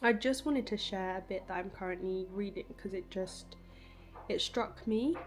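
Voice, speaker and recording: A young woman chatting casually in a home vlog, animated and emotional, full of fillers. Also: mid-range voice, moderate pace, over loud music. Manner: animated, emotional, lots of fillers like "like" and "I don't know". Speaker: vlogger. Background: washing machine running.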